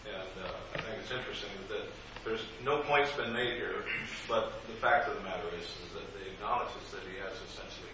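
Low-voiced man, far off in an echoey room. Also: brisk, hardly any pauses. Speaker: study group member. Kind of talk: group discussion comment. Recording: distant, echoey, muffled room recording with noise.

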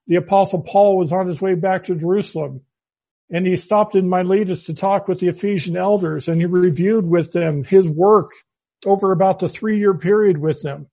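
A man leads a Bible study in a measured sermon style and quotes long scripture passages. His voice sits a little high for a man. The recording sounds dull and lo-fi. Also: a little mellow. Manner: measured, quoting scripture at length. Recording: muffled lo-fi audio.

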